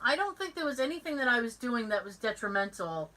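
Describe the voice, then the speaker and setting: Animated, bright-voiced woman telling stories. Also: on the high side, fast, rough recording. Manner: animated storyteller who acts out every voice in her anecdotes. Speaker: podcast host. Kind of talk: casual chat.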